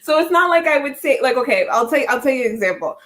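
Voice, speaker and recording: A woman in her thirties with a Canadian accent, hosting a livestream and telling stories in a rambling, animated way with many restarts. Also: high voice, quick pace. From Jamaica, raised in Canada. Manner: rambling, animated storytelling with frequent restarts and laughs. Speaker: psychic livestream host. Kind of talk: casual livestream chat.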